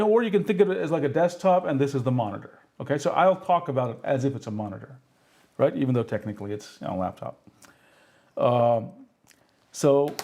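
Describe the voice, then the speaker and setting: A man's voice: mid-range voice, mellow. Man explaining, checking in with "okay?". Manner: self-deprecating when a demo goes wrong. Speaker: tech streamer demonstrating pen displays. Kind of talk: live stream tutorial.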